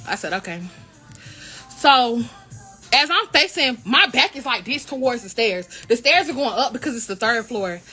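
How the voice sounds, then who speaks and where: A young woman with a high, bright voice tells a story in a casual vlog. She retells the events indignantly and acts out the quoted lines with energy. Faint music plays underneath. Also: expressive, normal speed, husky. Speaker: college royal court member.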